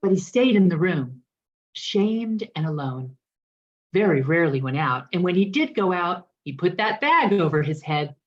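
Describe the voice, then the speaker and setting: A woman minister telling a parable in a sermon, expressive and lively in the way she voices its characters. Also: lowish voice, moderate pace, dull audio. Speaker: guest minister. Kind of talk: sermon storytelling.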